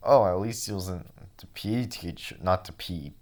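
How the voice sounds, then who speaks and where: A man's voice: low voice, moderate pace. A man casually reading and reacting to a webcomic with wry commentary. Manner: conversational, wry. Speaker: webcomic reader and reviewer.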